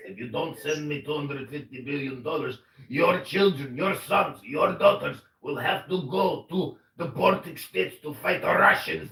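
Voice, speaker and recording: A man's voice: mid-range voice, gravelly, bright, forceful tone. A man doing a pleading foreign president. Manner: pleading, lecturing. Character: foreign wartime president pleading for money, male. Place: social audio chat room. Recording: roomy, distant app audio.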